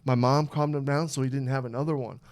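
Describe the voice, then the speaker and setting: A young man hosting a podcast, telling a story in a lively, animated way, swearing often and acting out what people said. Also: mid-range voice, fast. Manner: animated, swearing, acts out quotes. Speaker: podcast host. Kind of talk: casual storytelling chat.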